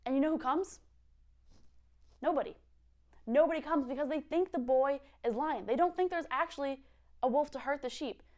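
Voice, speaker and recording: A young woman with a slightly high voice teaches a Bible lesson on video. She is chatty and bubbly, and she giggles easily as she talks to the viewers. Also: moderate pace, pauses often, a little mellow.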